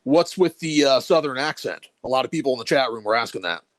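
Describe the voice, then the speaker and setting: A man hosting a call-in comedy stream, questioning a caller haltingly from his notes. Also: mid-range voice, animated, dry recording. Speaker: host. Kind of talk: mock-serious interview.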